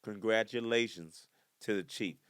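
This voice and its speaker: A man hosting a comedy podcast, rambling casually from one topic to the next with joking asides and sudden loud excited outbursts. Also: lowish voice, measured pace, clear, resonant tone, no echo, studio quality.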